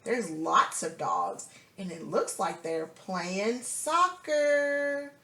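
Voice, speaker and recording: A woman reading a picture book aloud to a young child, slow and sing-song, stopping to ask questions and praise the answers. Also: mid-range voice, big pitch swings, sharp tone, roomy sound. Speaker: storybook reader.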